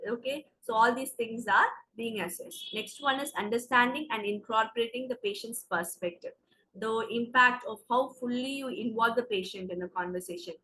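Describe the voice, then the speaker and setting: The recording is low quality with slight background noise, and the teacher's fairly high voice sounds pushed and bright at normal speed. She has an Indian English accent and leads an exam preparation lecture, explaining each step and checking in with "okay."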